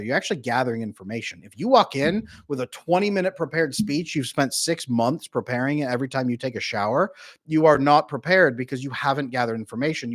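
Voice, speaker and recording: Animated man coaching on conflict. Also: mid-range voice. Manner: animated, acts out both partners in quick asides. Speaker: relationship coach. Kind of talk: casual advice talk.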